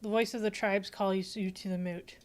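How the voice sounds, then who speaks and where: A woman's voice: mid-range voice, level tone, normal speed. A woman streaming a game, muttering to herself and reading her dialogue choices aloud. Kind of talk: casual live game play with spoken choices.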